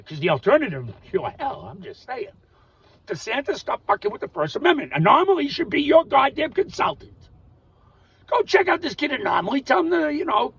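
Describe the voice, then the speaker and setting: A man delivering a rambling, profane monologue rant, volatile and swinging between loud outbursts and muttering. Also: high voice, husky. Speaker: vlogger. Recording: distant dull recording with faint noise.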